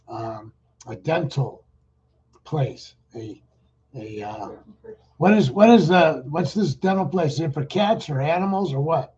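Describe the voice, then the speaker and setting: A man's voice: mid-range voice, a little mellow, breathy edge, dull audio. A middle-aged man who chats casually and rambles with fillers, then leads a guided loving-kindness meditation for a group. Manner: rambling, chatty, with fillers and restarts.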